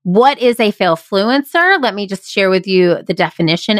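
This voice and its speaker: Speaking from a small closet into a studio podcast mic, a woman who hosts her own show and runs improv workshops delivers an emphatic, upbeat motivational monologue. Her mid-range voice is expressive and measured, and the recording has no room sound.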